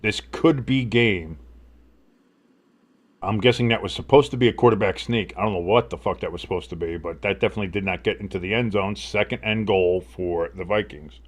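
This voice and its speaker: Calling play-by-play briskly, a male host runs a live football stream in a fairly low-pitched voice. He rambles, gets excitable and swears casually.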